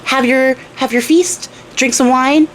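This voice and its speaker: A woman puts on a big, slow-witted giant from a fairy tale, easygoing and friendly. He drawls in a laid-back, dopey bro way, a little high for his size. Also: fairly even intonation, slight background noise.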